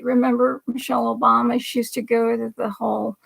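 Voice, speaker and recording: Woman, high voice, gravelly, livestream host, rambling sarcastic political commentary, indignant, drops into whispers. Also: level tone, a little fast. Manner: indignant and sarcastic, with repeated asides and dropping into whispers.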